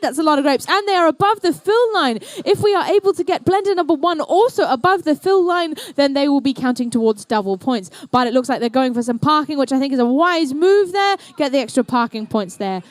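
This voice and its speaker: Speaking a little fast and barely pausing, this high-voiced New Zealand woman emcees an indoor robotics competition in a dry recording. Her live commentary is chatty and playful, full of jokes aimed at the teams and the audience.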